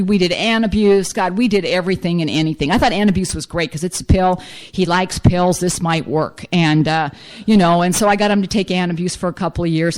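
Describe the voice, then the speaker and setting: A woman's voice: on the low side, darkish tone. A middle-aged woman giving a frank, self-mocking personal recovery testimony as a speaker at a meeting.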